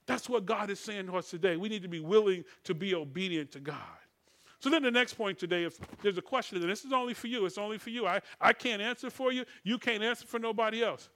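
A middle-aged man, preaching a sermon in call-and-response style, swinging between loud declarations and soft, murmured passages. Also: high voice, fast. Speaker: pastor.

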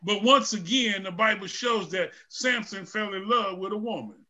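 High, bright-voiced male preacher shouting. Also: normal speed. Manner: call-and-response preaching, rising to shouts. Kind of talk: sermon.

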